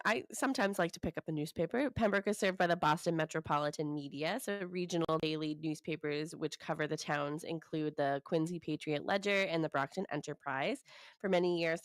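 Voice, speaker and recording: A woman's voice: low-pitched, no echo. A woman co-hosting a real estate show, reading town facts in a chatty way with fillers. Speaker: real estate podcast co-host. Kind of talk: casual chat.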